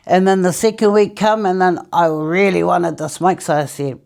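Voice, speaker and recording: A woman's voice: on the low side, steady tone, moderate pace, vocal fry, darkish tone. A woman from New Zealand, interviewed about quitting smoking, chatty storytelling that laughs often and acts out what people said. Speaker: interviewee, former smoker.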